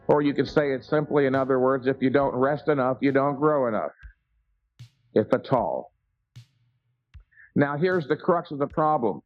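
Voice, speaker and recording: A man with a slightly high voice lectures a seminar audience with emphatic conviction, firing rhetorical questions and answering them himself. The sound is a dull, lo-fi old tape with faint music running underneath. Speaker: seminar speaker. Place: seminar room before an audience.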